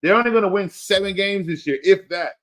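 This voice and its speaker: A man hosting a fantasy football program talks fairly fast in a high, a bit bright voice. His casual rant is emphatic and repetitive as he pleads with a listener, and he keeps it playful by laughing at himself.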